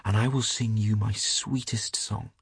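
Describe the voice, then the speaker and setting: A man's voice: lowish voice, steady tone, a little slow, gravelly, husky, no echo, studio quality, full character voice. A man reading the part of a tender, devoted female nightingale in a fairy tale, in an earnest, lyrical way. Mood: pleading.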